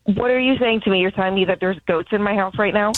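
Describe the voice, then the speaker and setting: A woman's voice: mid-range voice, fast, a crowd in the background. A woman on a phone call, confused and stammering, growing upset as she asks questions. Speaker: prank call target.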